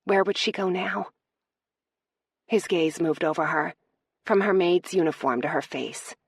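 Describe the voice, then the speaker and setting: A woman reading a romance audiobook aloud in a steady, measured narration. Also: fairly low pitch, gravelly, husky, no room sound, studio quality.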